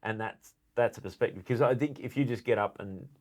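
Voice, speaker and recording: Low-voiced man, casual host. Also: brisk. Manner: loose, rambling, many restarts. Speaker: podcast host. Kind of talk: casual chat.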